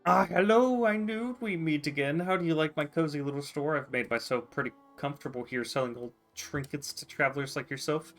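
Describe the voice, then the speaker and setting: A man's voice: a little high, a little fast, hardly any pauses, a bit bright, faint music behind, voice pushed up. A man reading out the lines of a small, sly male bug shopkeeper from a game, with his voice lifted a bit. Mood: welcoming. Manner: reading on-screen game dialogue aloud.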